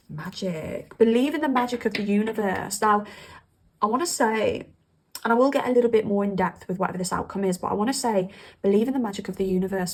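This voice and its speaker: A woman doing a casual, chatty tarot reading, emphatic and quick to laugh. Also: mid-range voice, creaky, a little mellow, breathy edge. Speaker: tarot reader.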